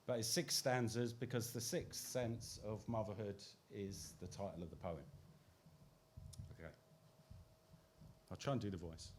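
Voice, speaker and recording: Soft-spoken man reading poems. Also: on the low side, fairly even intonation. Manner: soft, reflective, with halting restarts. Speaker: poet guest on a podcast. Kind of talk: introducing and reading his own poems.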